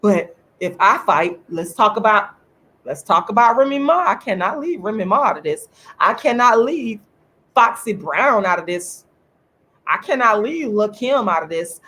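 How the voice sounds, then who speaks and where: A woman hosts her own online show and delivers a fiery, repetitive monologue. Her voice sits at an ordinary middle pitch, and she keeps hammering her points home. Every so often she thanks viewers in the live chat. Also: lively intonation, moderate pace, sharp tone. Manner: emphatic, repetitive, preaching tone. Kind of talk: impassioned livestream monologue.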